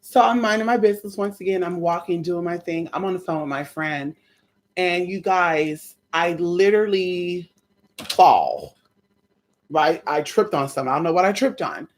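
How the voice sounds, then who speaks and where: A young adult woman telling her viewers a story in a casual, animated way. She swears freely and keeps calling them y'all. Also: fairly low pitch, normal speed. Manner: animated, chatty, profane, addresses viewers as y'all. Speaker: spiritual content creator.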